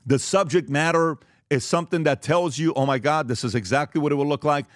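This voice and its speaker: A man hosting a business presentation to a live audience, direct and emphatic, telling stories with lively acted-out exchanges. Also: a little high, no room sound, studio quality. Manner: animated storytelling, acts out quoted exchanges; direct and emphatic, lists points quickly. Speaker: host giving a business talk.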